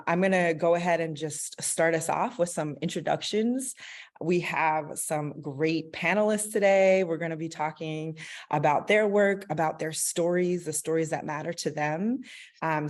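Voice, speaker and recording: A woman hosting and moderating a panel discussion over a call, relaxed and friendly, with frequent fillers. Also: low-pitched. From Bay Area, US. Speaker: host, moderator.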